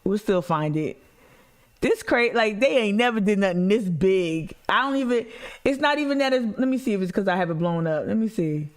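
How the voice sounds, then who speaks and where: Smooth-voiced woman livestreaming. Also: mid-range voice, lively intonation, normal speed. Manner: blunt, emphatic, slangy, talks to chat. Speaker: activist livestream host. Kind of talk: casual livestream chat.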